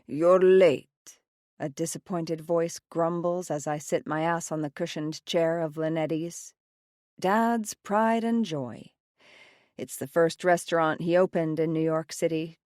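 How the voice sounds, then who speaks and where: A woman with a fairly low voice reads first-person audiobook narration in a wry, sardonic tone. The sound is close and bone-dry, a studio read with no room around it. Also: darkish tone, dry recording. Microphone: close studio mic, dry.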